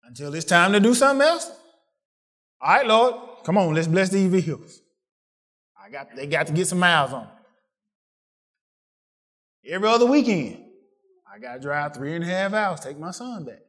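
A man preaching a sermon, asking the congregation questions and swinging from excited peaks to quiet asides. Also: normal speed, pauses often. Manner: call-and-response preaching, rising to excited peaks then dropping low.

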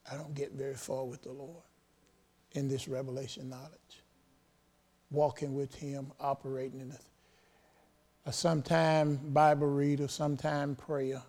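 A man's voice: mid-range voice, vocal fry, a little mellow. A man preaching a sermon with fervent call-and-response delivery and bursts of praise.

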